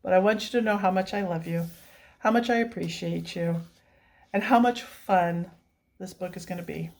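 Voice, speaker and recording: A woman's voice: on the low side, normal speed, darkish tone. A woman hosting a coloring vlog, talking in a casual, gushing way and laughing often while teary and emotional. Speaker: coloring channel host.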